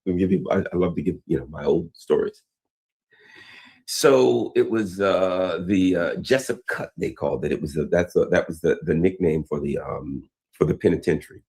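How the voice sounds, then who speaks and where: A man's voice: low voice, normal speed, gravelly, a little mellow, slightly rough. A man hosting a news commentary show, talking casually and rambling into old stories, with frequent restarts.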